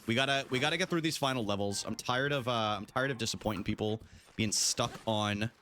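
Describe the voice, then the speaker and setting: A man's voice: medium pitch, brisk, pushed and bright, slight background noise. A young man live-streaming a game, chatting casually with viewers and laughing often.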